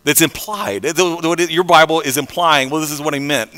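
High-voiced man preaching in a hall. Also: lively intonation, brisk, few pauses. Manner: conversational preaching, repeats words, swings from soft to loud. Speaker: pastor. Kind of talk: sermon.

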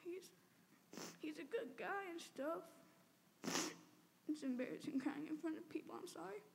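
A teenage girl giving an emotional personal testimony, halting and tearful, with many "like"s and "um"s. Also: high-pitched, vocal fry. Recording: long reverb, faint background noise.

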